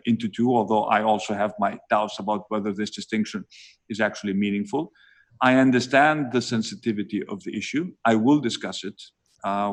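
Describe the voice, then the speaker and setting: A man with a Greek accent, a national leader answering interview questions slowly and deliberately over a video call, with frequent pauses and filler sounds. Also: fairly low pitch. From Greece. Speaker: prime minister being interviewed.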